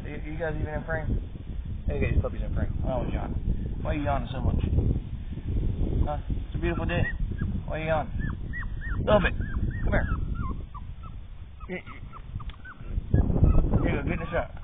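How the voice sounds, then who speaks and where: A man's voice: a little high, huge pitch swings, moderate pace, pauses often. A man filming puppies outdoors, joking and talking to them as he films. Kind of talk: casual running commentary while filming. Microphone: handheld camera or tablet. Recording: tinny lo-fi camera audio with outdoor noise.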